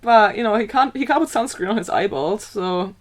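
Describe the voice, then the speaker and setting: A woman co-hosting a podcast, reacting with quick quips, swearing and laughter as a story is read to her. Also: medium pitch. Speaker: podcast co-host. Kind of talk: casual chat.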